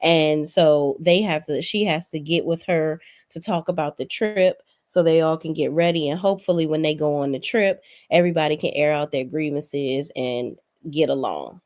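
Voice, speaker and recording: A woman hosts a casual reality-TV recap in a fairly low voice. She is blunt, sassy and profane, and she talks straight at the people on the show. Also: normal speed, few pauses, darkish tone. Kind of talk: casual opinionated recap commentary.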